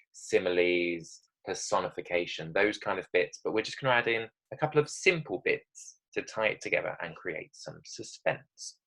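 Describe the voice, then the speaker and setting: Man teaching a writing lesson, lively. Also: low-pitched, low-quality recording. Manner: lively, emphatic, checks in with "okay?"; dramatic reading of example text. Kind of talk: recorded online writing lesson.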